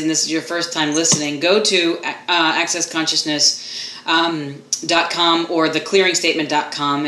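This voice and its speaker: Woman talk radio host, bright and effusive, roomy echoey sound. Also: on the low side. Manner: enthusiastic, animated, chatty. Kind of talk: casual talk radio chat.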